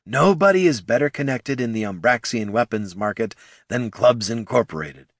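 A man's voice: mid-range voice, expressive, normal speed, no room sound. A man voicing a dry, muttering male businessman in a storybook.

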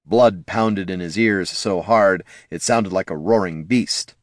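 A man narrating a fantasy audiobook in a lively, expressive reading style. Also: low voice, unhurried, no echo, clean studio sound.

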